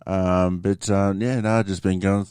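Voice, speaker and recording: A man's voice: sits low, level tone, normal speed, darkish tone, clear, resonant tone, dry recording, studio quality. A man with an Australian accent co-hosting a podcast, in crude, laughing casual banter. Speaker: podcast co-host. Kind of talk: casual chat.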